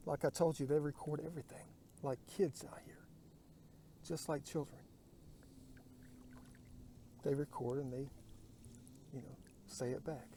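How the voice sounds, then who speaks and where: A man talks into his phone while paddling a kayak on an open lake. His voice is mellow and dark, and he rambles through his thoughts, often sinking to a quiet murmur or a whisper. A faint hiss sits behind him. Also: a little high, fairly even intonation, measured pace, long pauses. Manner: muses aloud, drifting to murmurs and whispers. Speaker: vlogger. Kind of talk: rambling outdoor vlog.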